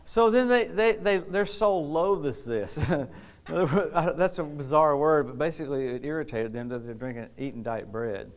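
A man preaching a lively sermon to a responding congregation, exuberant, laughing often and repeating key phrases for emphasis. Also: a little high, measured pace. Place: church service with a responding congregation.

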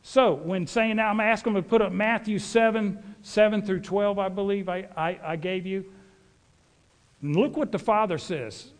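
Folksy preacher, rather high voice. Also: male voice, moderate pace. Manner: folksy, rambling storyteller. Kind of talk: sermon with storytelling.

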